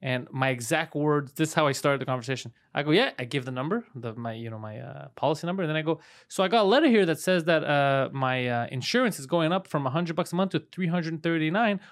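A man co-hosting a podcast, telling a story in a casual, profane, animated way and putting on voices for the people in it. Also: fairly high pitch, quick pace, few pauses. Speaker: podcast co-host. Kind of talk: casual chat.

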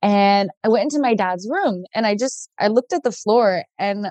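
A young woman from Canada tells a story as an interview guest, talking from home over a video call. Her voice sits at a middle pitch, and she keeps dropping in "like" and "um". The sound is dry, with almost no room around it. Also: animated, moderate pace, darkish tone, no room sound. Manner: chatty, full of "like" and "um". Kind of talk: casual interview chat.

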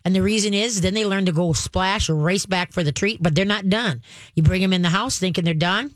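A dog-training host on a call-in radio show talks a caller through the routine one step at a time. The delivery is folksy and emphatic, at a medium pitch. The voice sits close and dry, with no room sound. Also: brisk, dry recording.

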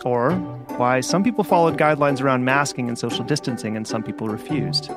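A man hosting a podcast, reading a scripted introduction and then asking his guest questions in a measured, articulate way. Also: medium pitch, music in the background. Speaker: podcast host.

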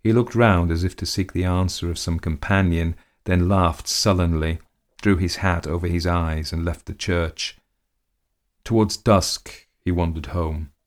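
A man reading a classic short story aloud in a measured, unhurried way. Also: low-pitched. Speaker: narrator.

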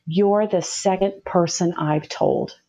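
A woman quoting a gentle older churchgoing woman. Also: on the low side, fairly even intonation, slow pace. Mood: earnest. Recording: dull lo-fi audio.

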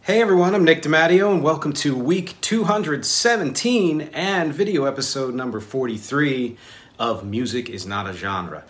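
A man's voice: a little high, animated, normal speed, a bit bright. A man hosting his own music podcast, talking casually and rambling with lots of fillers and asides. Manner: rambling, self-deprecating, filler-heavy. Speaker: podcast host. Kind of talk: casual video podcast talk.

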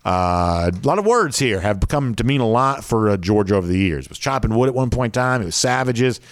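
A man's voice: on the low side, animated, fairly quick, no room sound, studio quality. A man with a Southern American drawl hosting a sports talk show, chatting casually with many fillers.

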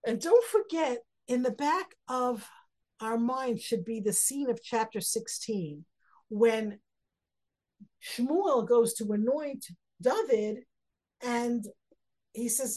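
Woman teacher, fairly high, very animated voice, leading a text study class. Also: takes it slowly, pauses often. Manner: reads Hebrew verses then explains, acts out quotes with rising emphasis. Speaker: Torah teacher.

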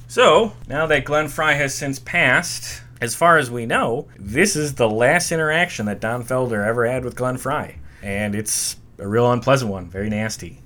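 A man's voice: medium pitch, expressive, moderate pace, hardly any pauses, sharp tone. A man hosting a music history podcast, reading a script in an enthusiastic, opinionated way. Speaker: podcast host.

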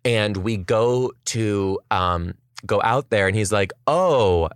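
A woman's voice: extremely low pitch, takes it slowly, clear, resonant tone, no room sound, clean studio sound. A young woman podcast host telling a story in casual chat, acting out what people said and swearing freely. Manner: animated storytelling, acts out quotes, swears.

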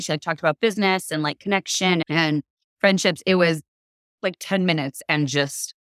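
A woman in casual conversation, telling a lively story with lots of "like" and acted-out quotes. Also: lowish voice, no room sound, studio quality. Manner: animated, acts out quoted voices, many "like" fillers. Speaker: podcast guest.

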